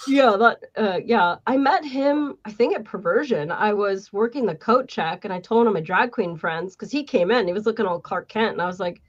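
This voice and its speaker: A woman's voice: medium pitch, moderate pace, few pauses. Profane woman telling stories, lo-fi. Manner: profane, animated storytelling. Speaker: podcast host. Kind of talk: casual chat. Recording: dull lo-fi sound.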